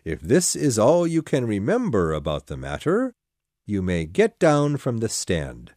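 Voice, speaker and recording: A woman reading an audiobook voices a pompous, fussy old king presiding over a trial in a deep, gruff, commanding tone. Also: huge pitch swings, unhurried, dark tone, no room sound, studio quality, full character voice. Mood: stern.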